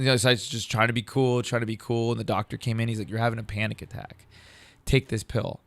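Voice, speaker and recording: A man in his thirties, a comedian, telling a story in casual talk, profane and animated, acting out what others said. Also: medium pitch, fast, creaky, no echo. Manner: animated, profane, acts out quoted dialogue. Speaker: comedian guest.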